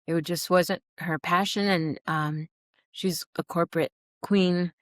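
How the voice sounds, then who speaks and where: Earnest woman telling her story, low voice. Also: unhurried, dry recording, clean studio sound. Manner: earnest, animated, acts out quoted dialogue. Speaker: podcast guest, recovery program alumna. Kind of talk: heartfelt personal storytelling.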